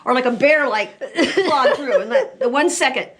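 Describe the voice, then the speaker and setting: A woman's voice: high voice, moderate pace. A woman hiking partner telling a funny story outdoors, laughing through it. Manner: laughing, animated retelling. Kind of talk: casual storytelling. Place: outdoors on a mountain trail.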